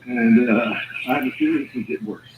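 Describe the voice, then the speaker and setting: A man's voice: medium pitch, background noise. A man in casual chat outdoors near a street, hesitant and full of fillers. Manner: hesitant, many fillers, unhurried.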